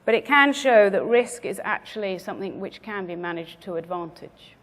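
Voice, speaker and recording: A woman speaker giving a measured business presentation to a conference audience, stressing her key words. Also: mid-range voice, animated, in a large hall. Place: conference venue.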